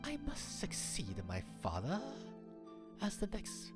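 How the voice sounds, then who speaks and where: Picture a haughty young male bird noble from a dating game, stiff and formal, sighing between proud pronouncements, as a woman streamer puts him on. His voice sits high in a breathy half-whisper that swoops a great deal, with slow, deliberate delivery. Music plays clearly under him. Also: huge pitch swings, full character voice. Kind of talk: reading a game aloud on stream.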